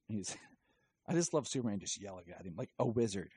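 Deep husky man chatting about comics. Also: very animated, a little fast, darkish tone, dry recording, rough recording. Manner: rambling, filler-heavy retelling. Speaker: comic book reviewer. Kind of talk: casual chat.

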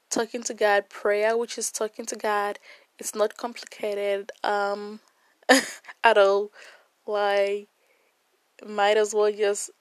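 Slow, earnest woman devotional host. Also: mid-range voice, dry recording. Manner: warm, earnest and emotional, with many fillers and laughs. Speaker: Bible study host. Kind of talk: casual devotional talk to viewers.

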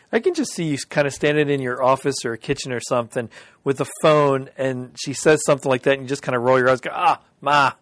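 A man's voice: mid-range voice, animated, moderate pace, dry recording. A man hosting a casual chat, amused and laughing along.

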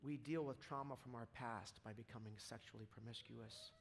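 A man preaching a casual, impassioned sermon to a church audience, dropping to near-whispers and then rising to loud, fervent peaks. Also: mid-range voice, fairly even intonation, moderate pace, gravelly, husky. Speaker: pastor.

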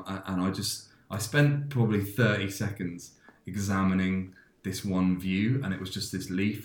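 A man hosting a podcast, casually telling a dream in a rambling way with many restarts and fillers. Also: sits low. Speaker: podcast host. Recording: roomy echo.

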